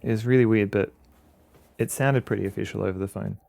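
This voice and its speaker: A man with an Australian accent streaming a game, chatting casually in a halting, rambling way with many fillers. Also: lowish voice, steady tone, creaky, darkish tone, no echo. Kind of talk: casual commentary while playing a game.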